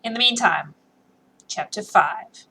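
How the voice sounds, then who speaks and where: A woman's voice: medium pitch, expressive, takes it slowly, creaky, pushed and bright, a little hiss or hum, poor audio. A woman with a sore throat reading a classic novel aloud for her followers in a chatty way, stopping to fix her slips. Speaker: reader. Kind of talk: casual read-aloud for followers.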